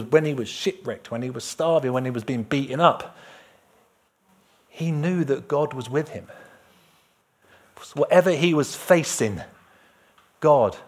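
A man preaching a lively, jokey sermon and sometimes singing a line. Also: mid-range voice, breathy edge. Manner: lively, jokey, breaks into song.

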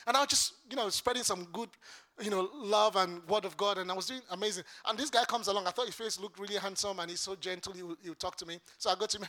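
Preacher from Lagos, man, high bright voice, impassioned repetitive sermon delivery. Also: fast. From Lagos, Nigeria.

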